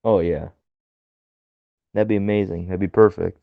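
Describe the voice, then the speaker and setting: A man's voice: low voice, steady tone, moderate pace, gravelly, no room sound. Giggly young man on a dull dry mic. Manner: giggly, acts out quotes in silly voices. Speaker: podcast co-host. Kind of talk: casual chat.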